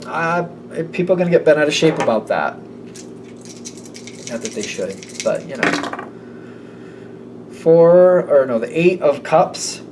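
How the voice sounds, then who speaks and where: A tarot reader with a fairly high, slightly mellow voice rambles casually through his reading, now and again doing little voices. The recording picks up faint room noise from a slightly distant mic.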